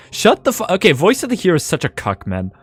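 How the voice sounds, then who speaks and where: A male game streamer talking casually on stream with a lively, swinging voice. He swears freely and laughs often, with faint music underneath. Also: sits high, normal speed, breathy edge. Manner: animated, swears, laughs a lot. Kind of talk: casual live-stream chat.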